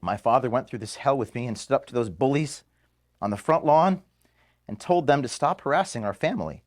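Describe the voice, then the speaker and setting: Man in his thirties, office farewell to staff, halting, mid pitch, filmed in the room. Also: expressive. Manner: halting, emotional, pauses and restarts. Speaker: organization founder addressing staff. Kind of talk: emotional farewell speech. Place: office, indoors.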